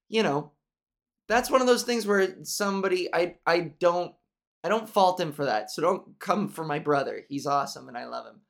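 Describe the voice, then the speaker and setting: A woman hosts a solo podcast in a lowish, creaky, nasal voice. She's candid and profane, rambling with restarts.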